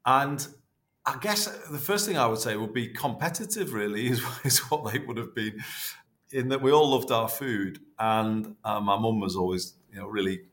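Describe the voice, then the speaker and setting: A man, chatting warmly and rambling as a podcast guest, full of restarts. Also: lowish voice, moderate pace. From North West England. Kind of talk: casual interview reminiscing.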